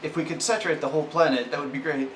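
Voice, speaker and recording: A man's voice: on the high side, steady tone, racing, fairly bright tone. A man playing a tabletop game, chatting casually. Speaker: player. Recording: echoey room with faint noise.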